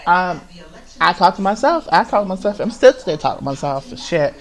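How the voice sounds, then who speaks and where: On a poor-quality recording, a man with a high-pitched, very animated voice delivers a confessional monologue alone on his podcast. He rambles, halts, restarts and repeats himself constantly, swearing heavily in a raw, agitated outpouring.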